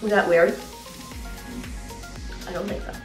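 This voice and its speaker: A woman's voice: mid-range voice, steady tone, a little slow. A woman hosting a casual cooking video in her home kitchen, chatty and playful with jokey asides. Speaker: cooking vlogger. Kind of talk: casual cooking demo chat. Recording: roomy echo, mic at a distance, faint music.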